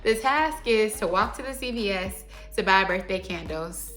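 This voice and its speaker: A young adult woman telling a story to her viewers in a casual, animated, slangy way. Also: medium pitch, moderate pace, soft background music. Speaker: vlogger.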